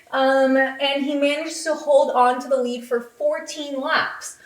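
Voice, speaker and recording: A woman with a slightly high voice gives a chatty, excitable podcast recap, tossing in "like" and "um" constantly. Her voice rings in a roomy, echoey space. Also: measured pace, few pauses. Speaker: podcast host. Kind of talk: casual race recap.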